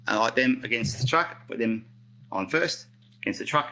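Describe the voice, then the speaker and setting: A man's voice: medium pitch, lively intonation, moderate pace, bright, forceful tone, poor audio. A middle-aged man with an Australian accent, rambling chattily through a live skate maintenance demo and correcting himself as he goes. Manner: chatty, rambling, self-correcting, reads out viewer comments. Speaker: roller skate hobbyist demonstrating maintenance. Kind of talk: casual live-stream tutorial.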